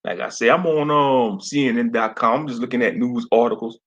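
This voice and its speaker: A man's voice: mid-range voice, a little fast, dull audio. A man hosting a casual online commentary stream, blunt and slangy, laughing often.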